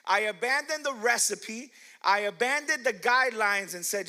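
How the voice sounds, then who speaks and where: Bright-voiced man preaching with playful stories. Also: high voice, lively intonation, moderate pace. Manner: playful storytelling, laughs often, asks the crowd. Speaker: pastor. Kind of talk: sermon with personal stories. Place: church hall.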